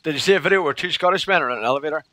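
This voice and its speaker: A man's voice: fairly high pitch, very fast, sharp tone, dry recording. A man chatting casually with his viewers during a game livestream. He laughs often. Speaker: game streamer.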